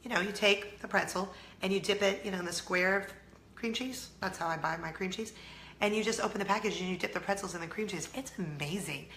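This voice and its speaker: A woman's voice: mid-range voice, fairly quick, a bit bright, reverberant, slight background noise. A middle-aged American woman hosting a casual chatty vlog, bubbly and self-teasing, laughing often. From United States. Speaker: vlog host.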